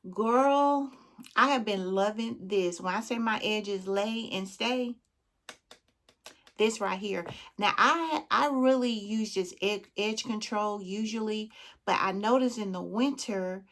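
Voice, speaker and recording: A Southern woman talking straight to her viewers in a relaxed, informal vlog. She keeps calling them friend and girl, and her pitch sits right in the middle for a woman. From Southern United States. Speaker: beauty vlogger. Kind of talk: casual chat.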